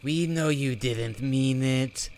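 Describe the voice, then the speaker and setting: A man voicing a caring, protective living satchel creature for a storybook, talking in a bright, coaxing way. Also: medium pitch, slow, slight background noise, pitched above the performer's own voice, close to an everyday voice. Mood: reassuring.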